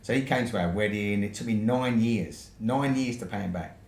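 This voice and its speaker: British bloke, podcast guest spinning a casual yarn, swears a lot, lowish voice, echoey room. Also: male voice, normal speed, a little mellow. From United Kingdom. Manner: swears freely, ends points with "right?". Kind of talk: casual storytelling. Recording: roomy echo with faint noise.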